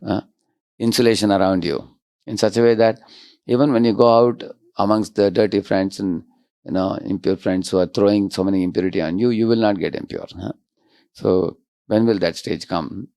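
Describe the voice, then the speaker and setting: A man giving a devotional lecture, often checking in with his audience with quick rhetorical questions. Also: fairly low pitch, gravelly, a little mellow, no echo, clean studio sound. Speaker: spiritual lecturer.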